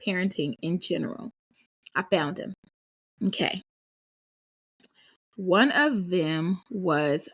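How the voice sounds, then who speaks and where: A woman's voice: fairly low pitch, a bit bright. A woman in her thirties hosting a solo podcast, speaking earnestly and with emphasis, often addressing her listeners as y'all. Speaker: podcast host. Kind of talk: casual solo podcast talk.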